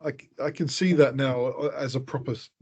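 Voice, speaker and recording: A man's voice: medium pitch, fairly even intonation, a little fast, a little mellow, slightly rough. A man co-hosting a casual podcast, trading dry, teasing banter. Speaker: podcast co-host. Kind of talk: casual chat.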